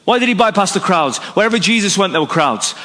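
Fervent preacher in a long-reverb hall. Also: male voice, expressive, quick pace. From Northern Ireland. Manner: dynamic preaching, drops low and soft for emphasis, rises for acted quotes. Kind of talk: sermon. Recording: echoey hall recording.

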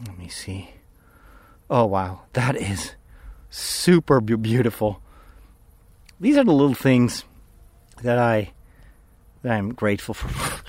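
A priest podcaster recording a casual vlog outdoors while walking, a bit out of breath, talking in a rambling, easily distracted way. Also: male voice, medium pitch, unhurried, darkish tone, no room sound. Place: outdoors on a walk at sunset.

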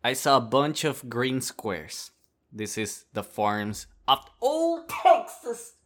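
A man hosting a podcast who tells a personal story in a casual, animated way and laughs often as he talks. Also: mid-range voice, slow. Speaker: podcast host.

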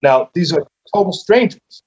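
A man's voice: sits high, animated, normal speed, slightly rough, muffled recording. A man who is a guest on a podcast, telling his story casually and animatedly, acting out his own reactions.

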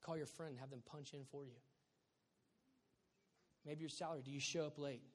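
A man in his thirties preaching a sermon as a pastor, animated and joking, with sudden loud bursts. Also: on the high side, normal speed. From Southern California. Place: church sanctuary. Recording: long hall reverb.

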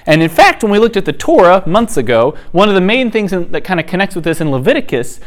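A man with a fairly high voice retelling Bible stories in a relaxed, chatty way. He keeps the tone humorous and conversational, with plenty of asides. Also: fast. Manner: humorous, chatty, acts out the characters' lines. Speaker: podcast host teaching the Bible.

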